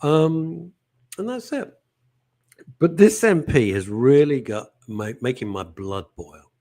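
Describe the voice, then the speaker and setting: A man's voice: on the high side, takes it slowly. A man hosting a live show, reading out viewer comments and ranting in casual chat. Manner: animated and ranting, jumping between topics. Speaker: host.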